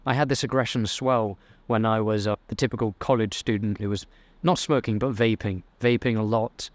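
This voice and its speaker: A man's voice: on the low side, steady tone, a little fast, no room sound. A young man, giving a blunt, swearing motivational talk to camera as a self-improvement vlogger. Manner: blunt, profane, fired-up.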